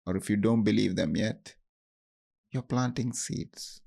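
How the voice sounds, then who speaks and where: Slow, gravelly-voiced man guiding meditation. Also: lowish voice. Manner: slow, gentle, instructive pauses. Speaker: podcast host. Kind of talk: guided self-compassion practice.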